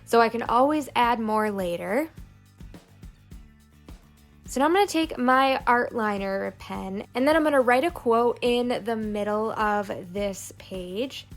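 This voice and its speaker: Woman narrating a calm crafting walkthrough. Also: fairly high pitch, measured pace. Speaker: planner vlogger. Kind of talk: plan-with-me voice-over narration. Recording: soft background music.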